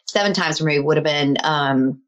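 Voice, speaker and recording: Woman, middle-aged, low voice, earnest animated storytelling, conversational. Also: normal speed. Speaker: healer and guest storyteller.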